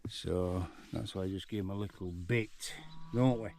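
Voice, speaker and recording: A man's voice: deep voice, steady tone, normal speed, gravelly, darkish tone, dry recording. Older Yorkshire man chatting outdoors. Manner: chatty, talks fondly to his donkeys. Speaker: farm vlogger. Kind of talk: casual vlog to camera. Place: outdoors in a farm paddock.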